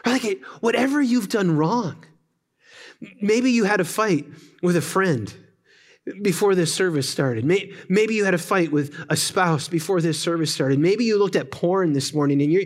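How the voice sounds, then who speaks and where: A man preaching a sermon at a church service, impassioned, often sinking to hushed, intimate tones. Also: high voice, unhurried. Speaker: pastor.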